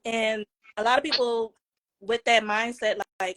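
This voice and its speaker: Female podcast co-host, high-pitched, reflective, halting, dry close sound. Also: a bit bright, no echo, low-quality recording. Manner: reflective, halting, laughs between thoughts. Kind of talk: casual chat.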